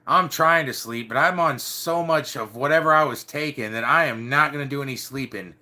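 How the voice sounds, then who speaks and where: A man's voice: mid-range voice, a little fast, sharp tone. A middle-aged man casually telling a rambling story, peppered with "dude" and "like". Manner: rambling, swears mildly, says "dude" and "like" often. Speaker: storyteller recounting biker club days.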